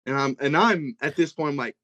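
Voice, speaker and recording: A man's voice: a little high, brisk. A young man from Oklahoma telling his own eerie encounter on a casual podcast, rambling and acting out what everyone said. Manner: rambling, animated retelling with many "like"s and quoted dialogue. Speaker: guest telling an encounter story.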